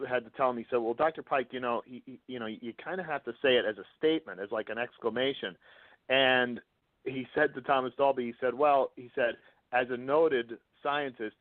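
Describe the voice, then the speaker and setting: A man, an author guest on a radio show, telling a story in an animated way with hesitant fillers. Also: mid-range voice, dry recording. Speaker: author and music journalist, guest. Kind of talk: interview storytelling. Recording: tinny phone line, dry.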